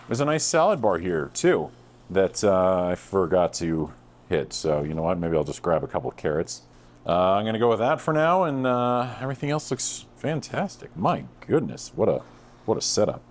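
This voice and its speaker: A man in his thirties hosting a casual food review vlog, playful and self-mocking with deadpan jokes. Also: low-pitched. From United States. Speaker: host.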